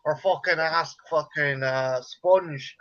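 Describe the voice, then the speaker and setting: A man's voice: fairly high pitch, slow pace, fairly bright tone. An Irish man in casual, profane, joking chat while watching a movie with friends. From Ireland. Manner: profane, jokey, puts on mocking voices. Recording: dull lo-fi sound.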